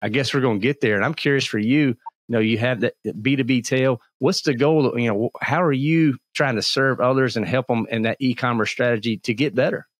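A man's voice: mid-range voice, steady tone, a little fast, few pauses, dry recording. A man hosting a podcast, asking open questions in a casual, friendly way. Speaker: podcast host. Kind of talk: conversational interview.

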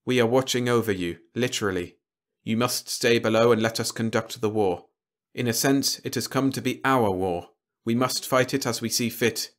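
A man voicing a calm, formal robot leader who speaks in a flat, measured, polite way, a little higher than his own voice. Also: natural voice. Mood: cold, formal.

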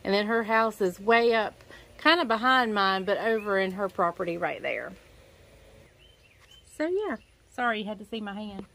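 A woman's voice: mid-range voice, lively intonation, normal speed, long pauses, fairly bright tone, a little hiss or hum. Chatty woman vlogging outdoors. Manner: chatty, rambling, self-correcting. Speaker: vlogger, pastor's wife. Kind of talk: casual home-remodel vlog chat. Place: outdoors at home.

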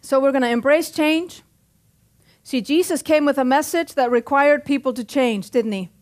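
A woman's voice: sits high, normal speed. A middle-aged woman pastor preaching a sermon in a church, punchy and joking, often calling out for an amen. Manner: punchy, joking, calls for amens.

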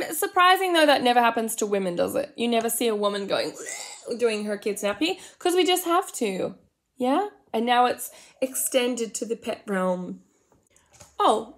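A woman in her forties with an Australian accent, chatting through a comedic makeup routine. She rambles, mocks herself and slips into soft whispered asides. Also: fairly high pitch. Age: 40s. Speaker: makeup vlogger. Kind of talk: comedic get-ready-with-me chat.

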